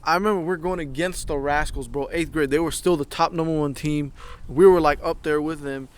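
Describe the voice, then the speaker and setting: A young man co-hosting a podcast, telling animated, profanity-filled stories and acting out what people said. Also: fairly high pitch, a little fast, a little hiss or hum. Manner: animated storytelling, heavy swearing, acts out quotes. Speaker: podcast co-host. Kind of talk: casual chat.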